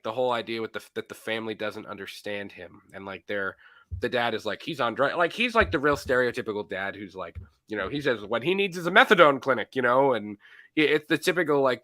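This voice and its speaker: A man co-hosting a casual movie podcast, talking in an animated way, often acting out lines from scenes and laughing. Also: medium pitch, no echo. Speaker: podcast co-host.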